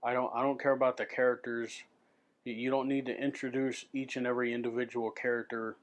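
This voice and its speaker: A man rants straight into his camera mic in a loose, unscripted vlog. His voice sits at an ordinary middle pitch. He swears a lot and keeps tripping over his words as he restarts his sentences. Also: little pitch movement, fairly quick. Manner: profane, restless, repeats and restarts words. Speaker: vlogger.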